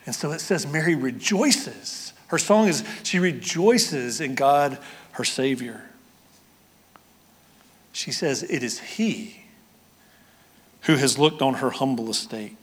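Man, pastor, sermon, higher voice, dynamic from loud to hushed, long hall reverb. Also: breathy edge. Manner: dynamic preaching, swinging from loud exclamations to quiet, hushed emphasis.

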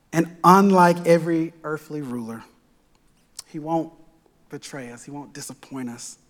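High-voiced preaching man, echoey church. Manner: rhythmic, repetitive preaching with call-and-response. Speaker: pastor. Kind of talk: sermon. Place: church sanctuary.

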